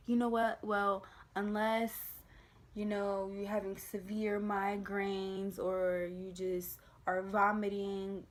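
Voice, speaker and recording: A young woman tells her own pregnancy story straight to the camera in a casual vlog. Her voice sits at a middling pitch. She acts out the people she quotes with lively changes of voice. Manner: animated retelling, acting out quoted voices. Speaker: vlogger.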